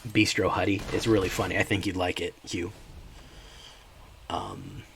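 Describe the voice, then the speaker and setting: Gravelly low-voiced man streaming a game. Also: steady tone, normal speed, fairly bright tone, slight background noise. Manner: laid-back, rambling, talks to chat. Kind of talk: casual gameplay chat.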